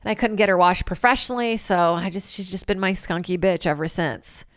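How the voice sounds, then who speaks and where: A woman hosting a comedy podcast alone, rambling and swearing freely and switching into loud acted-out quotes. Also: lowish voice, brisk, dry recording, studio quality. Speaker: podcast host. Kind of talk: casual solo comedy podcast monologue.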